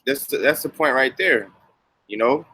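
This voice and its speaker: Brief: male commentator, casual preaching tone, bright forceful voice, loose filler-heavy delivery. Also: mid-range voice, moderate pace, slightly rough, poor audio. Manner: casual, repeats "man" and "okay". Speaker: religious commentator.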